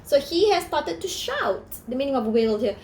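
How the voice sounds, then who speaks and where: Animated woman reading a storybook. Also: high voice, normal speed, reverberant, a little hiss or hum. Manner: animated, asks listeners questions. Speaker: storyteller for children. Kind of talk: reading a picture book aloud.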